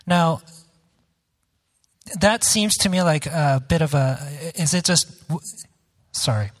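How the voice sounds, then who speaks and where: A man moderating a debate, putting questions to a panelist with many halting restarts. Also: a little high. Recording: long hall reverb.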